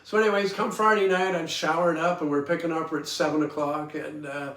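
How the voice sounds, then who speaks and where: A man in his seventies from Toronto rambles folksily through personal stories on his podcast, chuckling and peppering his talk with ums and uhs. His voice is a bit high and fairly bright, with little pitch movement and a slightly quick pace. The distant mic sounds roomy, with faint guitar music.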